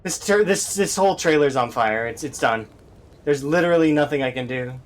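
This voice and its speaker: Streaming a survival game, this man talks to himself in exasperated live commentary while he plays, his fairly high voice moving a little fast.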